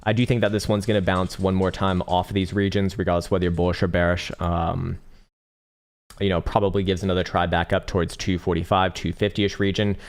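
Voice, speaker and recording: A man's voice: sits low, little pitch movement, brisk. A man hosting a live trading stream, reading viewer questions and giving blunt, profane chart analysis. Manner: profane, blunt, bursts into laughing rants. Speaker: trading livestream host.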